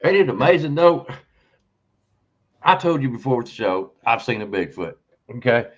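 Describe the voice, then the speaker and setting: A man's voice: medium pitch, sing-song, normal speed. A man hosting a podcast who talks in a rambling way, repeating words and checking in with "okay?" as he goes. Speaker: host. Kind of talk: conversational podcast talk. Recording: dull lo-fi audio.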